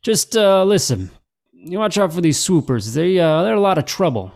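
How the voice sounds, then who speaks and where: A man voicing a brusque officer at a checkpoint in a tabletop game, high and clipped. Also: big pitch swings, normal speed, creaky, darkish tone, heavily acted. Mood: officious.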